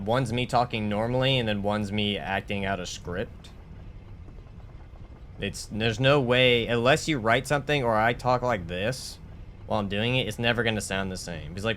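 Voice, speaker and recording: A man's voice: lowish voice, fairly bright tone, a little hiss or hum. A man streaming a game, chatting casually in a rambling way with many fillers and restarts. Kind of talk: casual chat while gaming.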